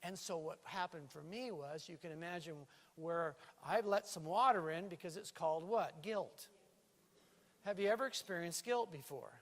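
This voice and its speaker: Male pastor, lively sermon, high voice, reverberant church hall. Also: normal speed. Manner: lively preaching with playful put-on island lilt. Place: church sanctuary.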